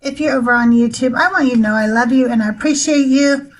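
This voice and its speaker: A woman's voice: sits high, fast talker. A woman from California hosting a live call-in show, chatting casually and laughing often. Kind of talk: casual live-stream chat.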